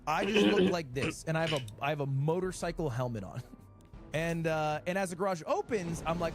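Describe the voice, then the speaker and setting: A man's voice: fast talker, loud music behind the voice. A man in his late twenties telling a funny story in a casual streamer way, with wry asides. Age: 20s. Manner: animated, wry storytelling with swings in pitch.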